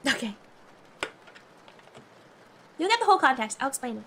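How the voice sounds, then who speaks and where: A woman's voice: sits high, sharp tone, slight background noise. A woman streamer chatting casually and reading aloud, often breaking off to giggle.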